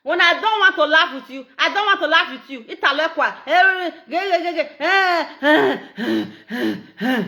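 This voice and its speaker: Nigerian edo lady ranting on a live stream, bright and highish, keeps repeating herself. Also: a little slow. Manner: animated, repetitive, laughs often. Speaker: social media live streamer. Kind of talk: casual monologue in Pidgin and Edo.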